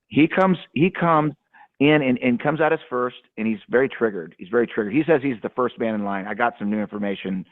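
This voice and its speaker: A man's voice: mid-range voice, brisk, dry recording. A man caller telling a rambling story, full of fillers and restarts. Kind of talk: casual storytelling. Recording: phone line, dry.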